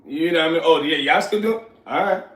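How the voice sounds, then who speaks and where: A man, telling stories from his youth in casual, animated talk, often asking "you know what I'm saying". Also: on the high side, quick pace. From New York. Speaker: host. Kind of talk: casual storytelling. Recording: echoey room, far from mic.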